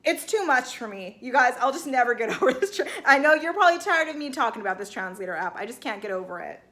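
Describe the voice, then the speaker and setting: A woman's voice: fairly high pitch, big pitch swings, fast, pushed and bright. A young woman recapping a reality show for her viewers in a chatty, sarcastic way. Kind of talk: casual chat.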